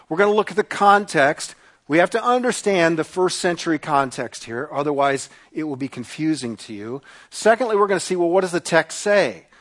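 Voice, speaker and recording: A man's voice: high-pitched, expressive, normal speed. A middle-aged male pastor preaching a sermon, emphatic and given to repeating his key lines.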